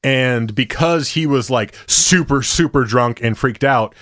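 A young man in casual conversation, telling an animated story and acting out what his friends said. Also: medium pitch, measured pace, no echo. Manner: animated storyteller, acts out quotes.

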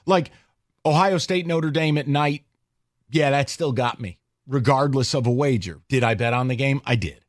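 A man co-hosting a sports talk podcast, opinionated and lively, posing questions to listeners. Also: medium pitch, normal speed, no echo, clean studio sound. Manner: animated, opinionated, rhetorical questions.

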